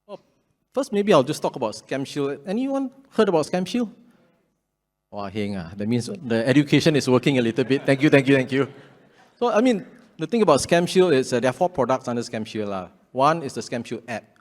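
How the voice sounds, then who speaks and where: A man's voice: mid-range voice, big pitch swings, a little fast, darkish tone. A man with a Singaporean English accent, explaining practical steps to an audience on a panel in a plain, conversational way. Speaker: public education official. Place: event hall with audience. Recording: echoey hall.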